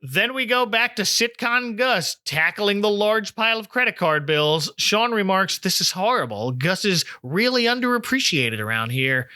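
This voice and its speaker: A male podcast host with a high, bright voice recaps a TV episode, chatty and laughing easily. He is recorded close and dry, with no room sound. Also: lively intonation, moderate pace, hardly any pauses, dry recording. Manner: chatty, laughs often, quotes the scenes.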